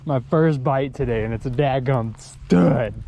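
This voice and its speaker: Speaking a little slowly with vocal fry, a Texas man filming his own bass fishing at a lake dam is breathless and shaky over a big catch, exclaiming and talking to the fish. The outdoor recording is dull and lo-fi with faint noise.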